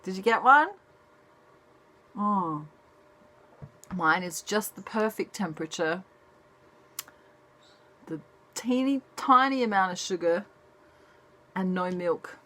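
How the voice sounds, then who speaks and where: A woman talks through a casual tarot reading in a soft, chatty manner. Her voice sits a little low, and she takes her time with each thought, speaking slowly. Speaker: tarot reader.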